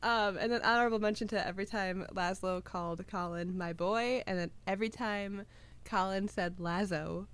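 A woman's voice: mid-range voice, normal speed, a bit bright, clear, resonant tone. A young woman co-hosts a casual podcast and gushes about what she has watched. She giggles often and fills her talk with "like" and "um". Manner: giggly, gushing, lots of fillers. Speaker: podcast co-host. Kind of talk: casual chat.

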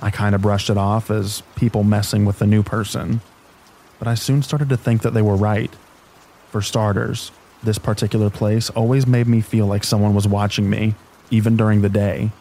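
Male narrator for bedtime horror stories, deep and dark-toned, reading calmly over rain. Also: normal speed, a little hiss or hum, low-quality recording. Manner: calm, even sleep-story reading. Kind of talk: scripted narration of scary stories.

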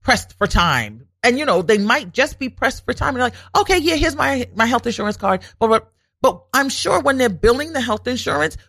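A woman telling a personal story in a casual monologue, animated and emphatic, acting out the other people's lines as she goes. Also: medium pitch, no room sound, clean studio sound. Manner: animated, acts out quoted dialogue, emphatic repetition.

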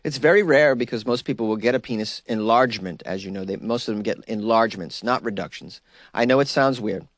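A man's voice: lowish voice, fairly quick, no echo, studio quality. A man hosting a podcast, giving loose comedic commentary, laughing often and mocking quotes in silly voices. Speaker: podcast host.

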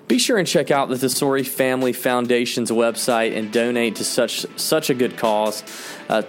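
Man, podcast host, casual chat, friendly and joking, mid pitch, faint music. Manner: friendly, joking, lots of fillers.

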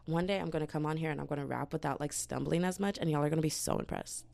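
A young woman vlogger telling a story in a casual, slangy, animated way, laughing and swearing often. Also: sits low, rapid-fire, vocal fry, few pauses, dry recording.

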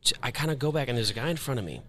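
A man from Kansas City, a radio host, telling an animated story in casual chat and acting out his own reactions. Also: mid-range voice, racing, crowd noise.

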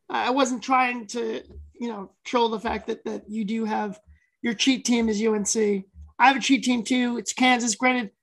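A woman co-hosting a sports podcast in casual, excitable chat that often runs over her co-host. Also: fairly high pitch, gravelly, low-quality recording.

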